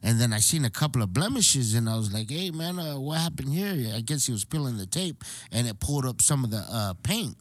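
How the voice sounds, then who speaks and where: A man's voice: mid-range voice, brisk, hardly any pauses, no room sound. A man telling a story in casual chat, swearing freely and acting out what people said. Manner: profane, animated storyteller acting out quotes.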